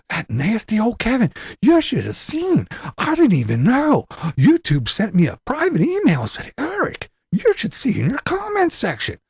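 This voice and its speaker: A man's voice: extremely high pitch, darkish tone, breathy edge, dry recording, pitched above the performer's own voice, full character voice. A man putting on a mocking impression of a whiny, self-pitying male homesteader who talks to his camera in a sing-song voice.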